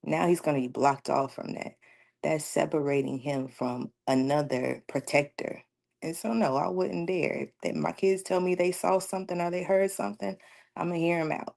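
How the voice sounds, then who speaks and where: Low, gravelly woman telling stories. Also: fairly even intonation, normal speed, darkish tone. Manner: earnest, storytelling, laughs often. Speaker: guest speaker. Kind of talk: casual talk radio conversation.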